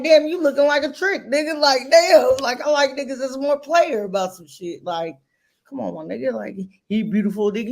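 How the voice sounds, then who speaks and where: Blunt, profane woman telling stories. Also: a little high. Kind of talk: casual chat.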